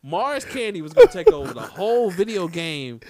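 A man's voice: sits high, sing-song, a little fast, a little mellow. A man hosting a casual podcast chat, hyped and teasing, trash-talking with slang. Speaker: podcast host.

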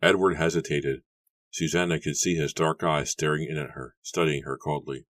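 A man reading an audiobook as narrator in a steady, measured way. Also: rumbling low, dry recording. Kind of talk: scripted narration.

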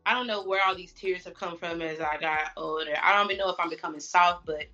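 Bright-voiced woman guest on lo-fi audio. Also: on the low side, fast. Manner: candid, chatty, self-reflective. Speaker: guest, fashion stylist. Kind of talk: casual interview chat. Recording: dull lo-fi sound, faint music.

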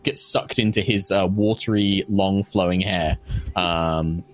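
A man's voice: sits low, fairly even intonation, unhurried. A man narrating a tabletop game as game master, rambling with many fillers. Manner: rambling, filler-heavy description.

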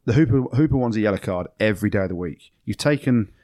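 An English former rugby player hosting a podcast, opinionated and teasing in casual sports banter. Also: male voice, on the low side, expressive, fast talker, dark tone, no echo. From England.

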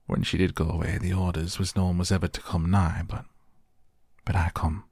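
A man's voice: deep voice, level tone, normal speed, gravelly, darkish tone, husky, no room sound, exaggerated voice. A man voicing a dry, blunt old male gardener. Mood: gruff.

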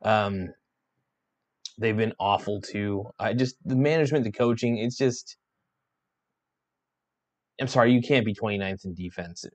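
A tired man ranting in exasperation about his basketball team, swearing and restarting his sentences as he vents. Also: lowish voice. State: yawning, tired. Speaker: sports vlogger. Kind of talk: frustrated sports rant.

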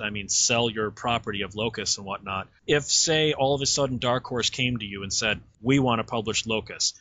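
A male interviewer with a bright, forward voice asks long, winding questions. He keeps it casual and loose as he talks. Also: mid-range voice.

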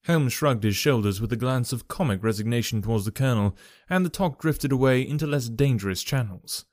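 A man's voice: medium pitch, a little fast, no room sound, clean studio sound. Man narrating a classic tale. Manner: even, storytelling. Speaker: audiobook narrator. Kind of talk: scripted narration of a classic story.

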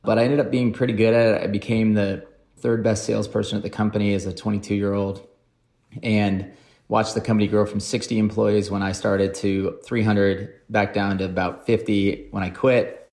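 A man's voice: on the low side, little pitch movement, normal speed, darkish tone. A man in his forties, a podcast guest, telling self-deprecating stories about his career in a casual, wry way. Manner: wry, self-deprecating anecdotes with acted-out quotes. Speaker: podcast guest, private equity investor. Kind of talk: casual storytelling.

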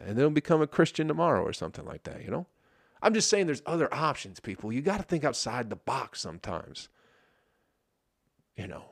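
A man's voice: medium pitch, no room sound, studio quality. A man doing a rambling, profane, sarcastic comedy monologue as host.

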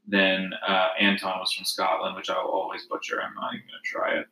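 Casual man co-host, lowish voice, loose rambling delivery, roomy echoey sound. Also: monotone, fairly quick, bright, forceful tone. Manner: rambling, many fillers and restarts. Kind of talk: casual chat about reality TV. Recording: echoey room.

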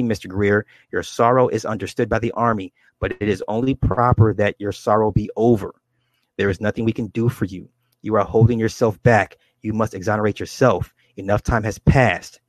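A man reading the lines of a woman clairvoyant in a trance, in slow, measured pronouncements. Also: on the low side, dry recording, close to an everyday voice.

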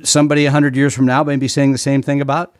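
A man co-hosting a talk radio finance show, relaxed and teasing, laughing often. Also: mid-range voice, fast, clean tone, no echo, studio quality. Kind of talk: casual talk radio banter. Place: Seattle.

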